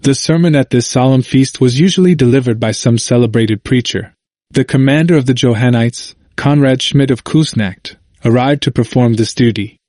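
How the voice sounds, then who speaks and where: A man narrates a historical text in a steady, formal reading voice of middle pitch. The sound is dry and close, with no room around it. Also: normal speed, dry recording. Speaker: audiobook narrator. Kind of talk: scripted narration.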